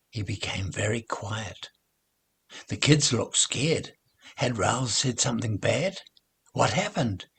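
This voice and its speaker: An older man with a New Zealand accent, reading a children's story aloud in a measured way and softening almost to a whisper in sad parts. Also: mid-range voice, slightly rough. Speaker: storybook reader.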